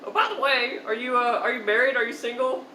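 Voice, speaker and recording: A pushy seventy-year-old man hits on a stranger with rambling, casual pickup lines, as a young woman mimics him. The voice is fairly high and bright, and it rings in a roomy, echoey space. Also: fairly even intonation, quick pace, recorded from a distance, a little hiss or hum. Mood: prying.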